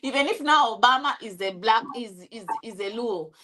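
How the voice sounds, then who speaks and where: A young woman from Kenya with a Kenyan accent, telling her story in a casual interview, animated, with many restarts and bits of Swahili. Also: on the high side, moderate pace, rough recording. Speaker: interview guest.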